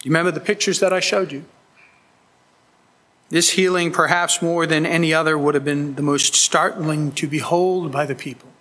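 A man's voice: on the high side, fairly even intonation, moderate pace, a bit bright. A man preaching a sermon as pastor, earnest and emphatic, pleading with his listeners. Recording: long hall reverb.

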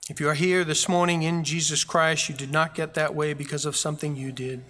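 Delivering a sermon with rising intensity, this pastor leans on emphatic, repeated lines. His voice is a little high, level and sharp, his pace fairly quick, and the church sanctuary gives it a long, large-hall reverb.

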